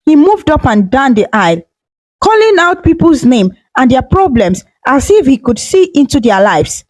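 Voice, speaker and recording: A woman storyteller narrating a scripted folktale in a steady, dramatic way on a close microphone. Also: sits high, moderate pace, no echo, rough recording.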